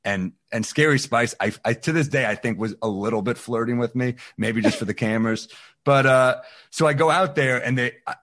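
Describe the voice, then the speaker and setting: A man's voice: medium pitch, a little fast. A man, a stand-up comedian, casually telling a story on a podcast and acting out the voices of the people in it. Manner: animated, acts out quoted voices.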